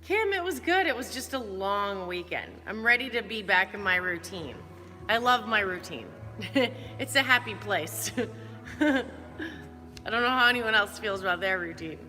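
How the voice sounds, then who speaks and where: A chatty young woman leads a live workout, greeting viewers one by one in a bright, forceful voice. Her voice rings through a big reverberant gym, with soft music playing underneath. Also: mid-range voice, expressive, a little slow. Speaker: fitness coach leading a live workout. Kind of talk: live-stream chat while coaching. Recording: roomy hall reverb. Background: faint background music.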